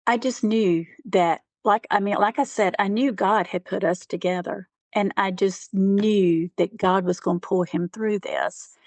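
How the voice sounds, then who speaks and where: A woman being interviewed as a caregiver, speaking earnestly and haltingly, with many "you know" fillers. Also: mid-range voice, fairly even intonation, dry recording. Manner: earnest, faith-driven. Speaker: guest, caregiver. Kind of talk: conversational interview.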